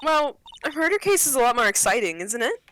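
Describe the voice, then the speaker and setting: A woman's voice: fairly high pitch, big pitch swings, a little fast, a bit bright, slight background noise, rough recording. A woman voicing a playful, teasing young woman sidekick while reading game dialogue aloud.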